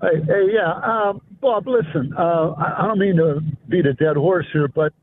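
A man's voice: high-pitched, moderate pace. A man calling in to a sports radio show, arguing insistently and repeating his points. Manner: insistent, argumentative, repeats himself. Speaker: caller. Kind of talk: call-in radio argument. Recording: tinny phone line with faint noise.

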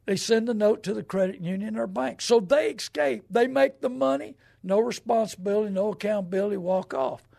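A man's voice: sits high, gravelly, a little mellow, breathy edge. A middle-aged man, a show host, giving casual advice in a rambling, folksy, emphatic way.

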